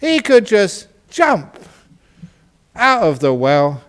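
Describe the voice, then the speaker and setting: Animated, playful Buddhist teacher, slow-paced. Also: male voice, high voice. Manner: playful and animated, laughing often. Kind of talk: storytelling in a dharma talk.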